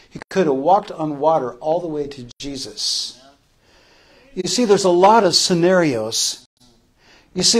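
A male pastor preaching a sermon with passion, repeating phrases for emphasis, rising to loud calls and dropping to soft, tender lines. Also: a little high.

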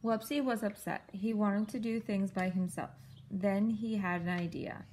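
A woman at home reading a picture book aloud to a child in a clear, patient storytelling manner. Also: medium pitch, fairly even intonation, normal speed, a little mellow, a little hiss or hum, rough recording.

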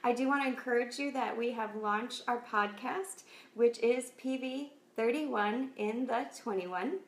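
A woman hosts a devotional talk, speaking in an earnest, encouraging way as she tells a simple parable and prays. Her voice sits a little high and carries a gravelly fry. The recording is echoey, as if made in a bare room. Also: measured pace. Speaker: host of faith talk show.

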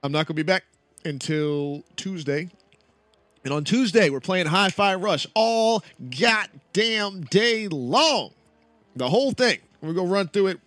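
A man's voice: sits high, lively intonation, unhurried, fairly bright tone, faint music behind. A man streaming a shooter game live, chatting casually with loose, profane, joking trash talk. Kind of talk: casual live-stream chat while gaming.

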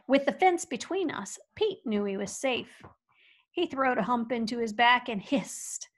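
Expressive woman reading a storybook aloud. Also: on the high side, a little slow. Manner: folksy, expressive, swings from hushed to loud. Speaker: audiobook reader. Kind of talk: storybook narration.

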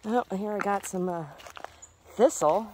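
A woman's voice: mid-range voice, unhurried, warm tone, slight background noise. A woman vlogging casually as she walks her backyard garden, muttering to herself and cooing at her chickens. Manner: chatty, muttering to herself, sing-song baby talk to animals.

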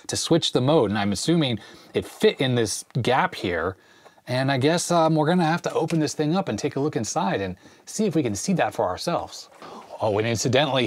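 Guy on a retro computer repair channel, chill, thinking out loud as he works, dry close sound. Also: mid-range voice, dry recording. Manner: thinks aloud while working, relaxed, with small fillers and laughs. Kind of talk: casual hands-on show-and-tell.

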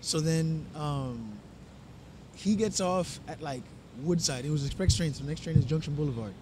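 A man's voice: fairly high pitch, moderate pace, background noise. A man, co-hosting a podcast and telling a long, profane story with many restarts. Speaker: podcast co-host. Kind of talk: casual storytelling chat.

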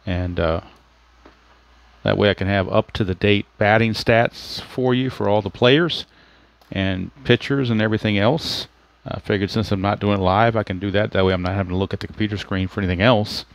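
A man narrating play-by-play for a tabletop baseball replay, steadily explaining ratings and dice rolls as he goes. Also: on the low side. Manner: steady explanatory play-by-play, thinks aloud about rules. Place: home setup at a computer.

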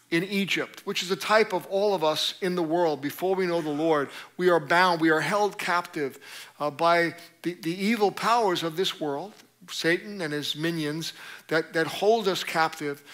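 Male pastor, live sermon in a church; earnest, unpolished delivery, somewhat high pitch. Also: fairly bright tone. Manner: earnest, with frequent fillers. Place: church sanctuary.

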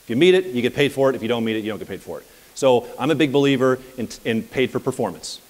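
A man coaching at a live seminar, telling anecdotes in an energetic, conversational way. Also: mid-range voice, fast, in a large hall. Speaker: property management business coach. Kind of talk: live seminar talk with audience questions.

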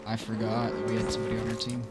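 A man's voice: lowish voice, level tone, very fast, music in the background. A man chatting with a teammate over voice chat during a game, dry and matter-of-fact. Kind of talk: casual gaming chat.

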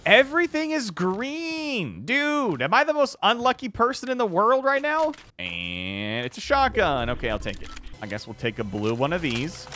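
A man giving excitable, reactive live commentary on his own gameplay, swearing freely. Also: high-pitched, moderate pace, slight background noise. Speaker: gaming YouTuber. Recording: game gunfire in the background. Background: video game gunfire and clicks.

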